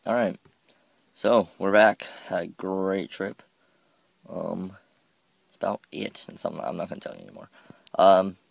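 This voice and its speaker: A man talks his way through a game in a loose, rambling commentary, poking fun at himself and tripping over words. His voice sits deep and carries a gravelly fry. The recording is dry and close, with no room sound. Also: no room sound. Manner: rambling, self-mocking, stumbles over words. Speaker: gameplay commentator.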